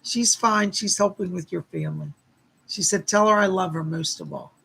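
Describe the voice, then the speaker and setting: A man giving a live-streamed psychic reading in a bright, tense voice with a gravelly edge. He talks chattily, thanking viewers and passing on messages with endless "she said" asides. His tone is somewhat husky. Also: high voice, normal speed. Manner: chatty, relays spirit messages with constant "she said"; warm thanks to viewers for donations.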